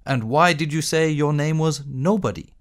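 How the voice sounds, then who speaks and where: A man's voice: on the high side, lightly acted. A man reading as a doubtful spaceship pilot. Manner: slow, deliberate reading.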